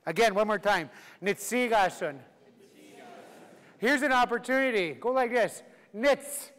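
A man's voice: high voice, lively intonation, brisk, fairly bright tone. A man teaching a live language class, playful and laughing, drilling phrases for the group to repeat. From Canada. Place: large hall with a live class. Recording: echoey hall, live class.

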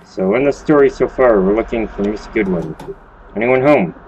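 A man giving casual, joking commentary while he plays a video game, swearing now and then. His voice sits low, with a faint hiss of noise under it. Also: fairly quick, darkish tone, muffled recording. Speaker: let's play host.

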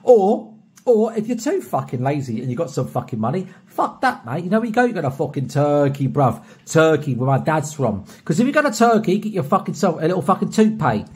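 A young British man recording a personalized video shoutout, boisterous and heavily profane, swinging from soft to loud. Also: a little high, sing-song, a little fast, slightly rough. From Britain. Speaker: streamer recording a paid shoutout.

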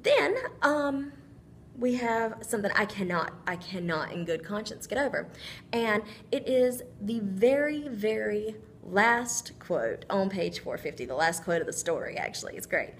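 A woman's voice: mid-range voice, animated, measured pace, a little hiss or hum. A woman teacher giving a recorded literature lesson, thinking aloud with frequent ums as she works through a story.

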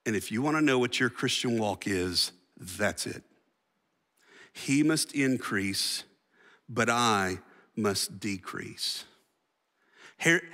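A male pastor with a mid-range voice preaches a sermon, his tone bright and forceful as he tells the story in a casual, slangy way. The long hall reverb makes it sound like a church sanctuary.

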